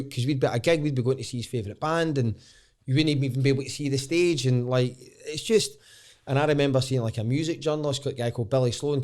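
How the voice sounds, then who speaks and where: A man's voice: mid-range voice, darkish tone. A man with a Glaswegian accent, a stand-up comedian guesting on a podcast and telling his story candidly, rambling and restarting sentences and swearing casually. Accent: Scottish, Glaswegian.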